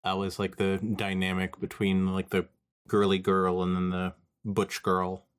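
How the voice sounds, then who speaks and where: A man co-hosting a podcast, chatting casually in an animated, rambling way. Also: low-pitched, measured pace, clear, resonant tone. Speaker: podcast co-host. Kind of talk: casual chat.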